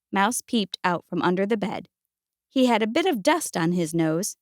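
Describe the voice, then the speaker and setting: A woman gently and expressively reading a picture book aloud. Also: medium pitch, big pitch swings, moderate pace, dry recording, studio quality. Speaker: storyteller.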